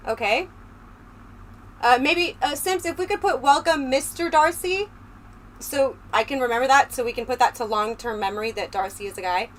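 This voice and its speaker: A woman's voice: normal speed, fairly bright tone. A woman livestreamer chatting casually and ramblingly with her viewers on a close microphone. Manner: chatty and rambling, talking straight to the chat. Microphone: close desk microphone. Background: low fan hum.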